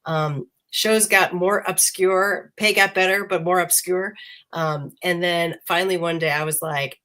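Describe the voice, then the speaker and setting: A woman's voice: fairly low pitch, fairly even intonation, moderate pace, a bit bright. A woman, a panel guest just over the flu, chatting casually with many restarts. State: recovering from flu. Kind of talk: casual chat.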